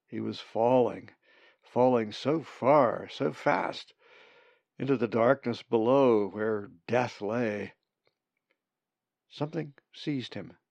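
Slow, gravelly male storyteller. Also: mid-range voice, a little mellow, no room sound, dull audio. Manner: slow, measured reading. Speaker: narrator. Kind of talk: storybook narration.

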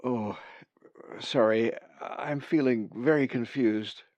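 A man's voice: mid-range voice, a little mellow, no echo, lightly acted. A man voicing a hurt, confused young male raven who stammers, recorded dry and a little dull. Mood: dazed, frightened. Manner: halting, stammering.

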